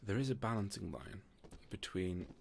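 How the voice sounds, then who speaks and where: A man's voice: sits low, lively intonation, moderate pace, vocal fry, darkish tone, slight background noise. A man narrating a tabletop game as game master in a casual, rambling way, often stopping to ask himself questions. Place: room, alone.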